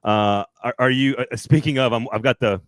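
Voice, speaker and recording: A man's voice: mid-range voice, fairly even intonation, normal speed, no echo. Chatty male sports podcast host. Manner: chatty, rambling, self-correcting. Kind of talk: casual sports talk.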